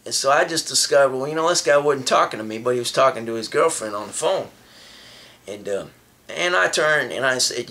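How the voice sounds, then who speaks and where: A man's voice: medium pitch, lively intonation, a little fast, bright, forceful tone. A man vlogging a casual story, rambling, with many restarts and repeated phrases.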